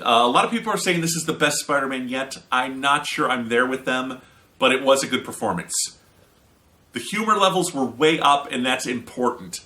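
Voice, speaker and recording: A man's voice: mid-range voice, pushed and bright. A man giving a casual, opinionated spoken movie review with an American accent and sarcastic asides.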